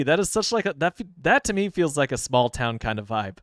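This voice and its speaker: A man's voice: medium pitch, sing-song, a little fast, fairly bright tone, no echo. A man from the Midwest chats over his gameplay into a streaming mic, amused by his own jokes. His voice sits in an ordinary middle register, recorded close and dry with no room sound around it. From Midwestern United States. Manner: chatty and self-amused, joking to himself. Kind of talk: casual gameplay commentary. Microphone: streaming microphone.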